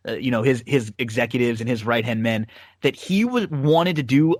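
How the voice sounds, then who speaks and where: A man's voice: medium pitch, normal speed, no echo, clean studio sound. A man hosting a podcast, chatting casually about old wrestling matches, rambling with lots of fillers and restarts. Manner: rambling, many fillers and restarts, laughs often. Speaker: podcast host. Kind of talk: casual wrestling rewatch chat.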